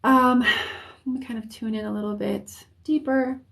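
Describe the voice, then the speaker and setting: A woman giving an intuitive reading on a live stream, hesitant and searching for words, with soft, comforting reassurance. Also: a little high, steady tone, measured pace, vocal fry. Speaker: intuitive reader.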